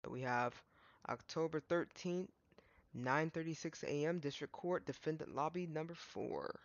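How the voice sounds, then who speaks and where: A woman's voice: low voice, expressive, measured pace, creaky, lo-fi sound, slight background noise. A woman streamer giving casual, laid-back commentary while playing a game, with slangy asides. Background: game music.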